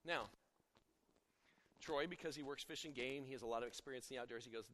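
Speaking quickly but with long pauses, this middle-aged pastor has a medium-pitched, slightly bright voice. His sermon is conversational and full of stories, and he keeps interrupting himself to restart sentences, all captured with long hall reverb.

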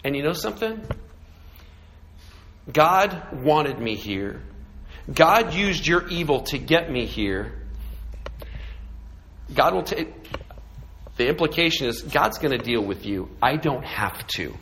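A middle-aged man preaching a sermon, moving between slow, emphatic lines and quick asides, and acting out characters in hushed voices. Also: on the high side, sing-song, low-quality recording. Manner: acts out voices of the brothers in hushed tones. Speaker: pastor.

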